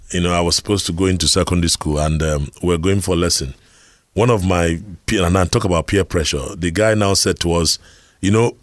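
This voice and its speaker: This earnest communication talk comes from a middle-aged Nigerian man whose voice sits low, and he weaves in personal anecdotes and rhetorical questions. The recording has studio quality and no echo.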